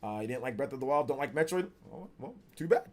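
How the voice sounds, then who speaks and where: A man in his forties streaming live and reading chat, laid-back with bursts of animated teasing. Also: mid-range voice, quick pace. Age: 40s. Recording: faint music behind the voice.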